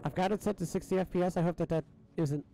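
A man's voice: high voice, steady tone, fast talker, vocal fry, dark tone, a little hiss or hum. A young man casually commenting on a game stream, rambling and thinking aloud with lots of fillers and restarts, fretting about his audio settings. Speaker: gaming streamer.

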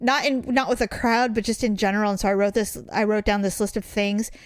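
A middle-aged woman co-hosting a podcast in casual chat, telling stories and acting out her own quotes with a lively voice. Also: mid-range voice, fairly quick, clean tone, no echo. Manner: animated storyteller, acts out her own quotes. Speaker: podcast co-host.

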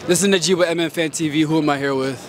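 A man interviewing fans on a street after a game, asking quick, upbeat questions. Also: on the high side, steady tone, noisy background. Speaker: fan-channel interviewer. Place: city street outside a stadium.

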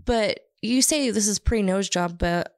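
A woman's voice: mid-range voice, unhurried, no room sound, clean studio sound. A woman co-hosting a podcast, bluntly teasing her co-host and retelling film scenes in casual chat.

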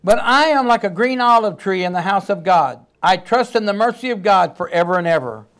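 A man delivers a sermon in a high-pitched voice. He preaches emphatically, breaking into sudden loud outbursts. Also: lively intonation, brisk.

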